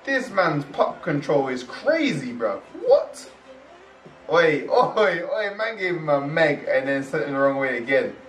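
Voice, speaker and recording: A young man hosting a casual reaction video, excitable and exclaiming in slang, recorded in a roomy space away from the mic. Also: fairly high pitch, measured pace, few pauses. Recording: roomy echo, distant from mic.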